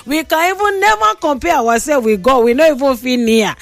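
A woman with a Nigerian accent hosting a talk show, reading out listener comments with animated, teasing exclamations. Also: high-pitched, brisk, creaky, dry recording. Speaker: radio call-in host reading listener comments.

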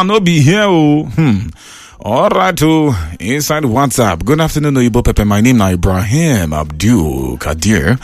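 Reading listener messages with great animation, a radio host with a Nigerian Pidgin English accent runs a call-in show from a studio. His voice is medium-pitched, with no room sound.

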